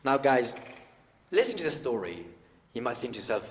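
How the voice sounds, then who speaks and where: A man from the UK doing a stand-up routine, animated, often breaking into high-pitched shouted rants. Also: moderate pace, long reverb tail, slight background noise. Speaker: stand-up comedian.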